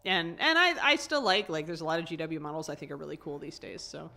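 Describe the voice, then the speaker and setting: A woman co-hosting a casual livestream chat, talkative and quick to laugh, trailing off mid-sentence. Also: low-pitched, very animated, gravelly, pushed and bright, slight background noise. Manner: chatty, laughs often, trails off. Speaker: livestream co-host.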